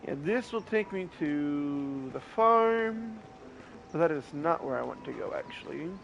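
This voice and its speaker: A man's voice: a little high, animated, measured pace, vocal fry, a bit bright, muffled recording, faint music behind. A man casually commenting on a game live stream, rambling, talking to himself and humming. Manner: rambling, talks to himself, hums.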